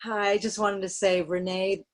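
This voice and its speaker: A woman's voice: medium pitch, level tone, moderate pace. A woman congregant eagerly thanking a speaker over a video call.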